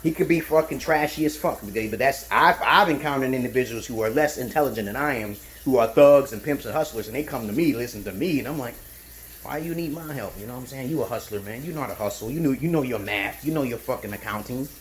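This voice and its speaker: A man's voice: mid-range voice, fast talker, hardly any pauses, slight background noise. A man from Brooklyn, ranting profanely and emphatically in an unscripted monologue as a self-styled dating advisor. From Brooklyn, New York.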